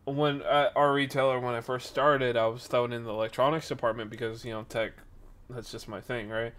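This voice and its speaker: A man's voice: medium pitch, brisk. Brief: young male streamer, chatty storyteller, does voices for the people in his anecdotes. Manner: animated, acts out quoted people. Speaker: streamer and podcast host. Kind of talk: casual storytelling chat.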